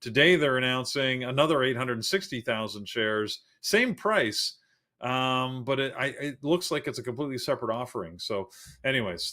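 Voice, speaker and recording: A man's voice: mid-range voice, animated, normal speed, sharp tone. Rambling male trading co-host. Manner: rambling, self-deprecating, frequent fillers and asides. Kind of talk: live market commentary.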